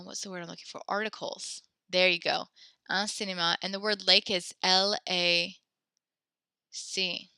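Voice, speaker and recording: A woman's voice: medium pitch, bright, forceful tone, smooth, no echo, studio quality. A woman teaching an online class, talking casually, correcting herself and encouraging her students. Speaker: French teacher.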